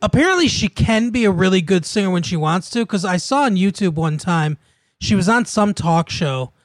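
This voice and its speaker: High-voiced man in casual chat. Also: expressive, moderate pace, no room sound. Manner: laid-back, swears and laughs often.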